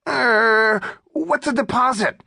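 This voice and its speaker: A hotheaded young robber voiced by a male narrator squeaks out his threats in a high, strained voice that keeps climbing louder. He sounds twitchy and whiny rather than frightening, a hapless storybook crook, recorded close and dry. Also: slow, creaky, husky, no room sound, full character voice. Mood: confused. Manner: agitated, whiny, blustering.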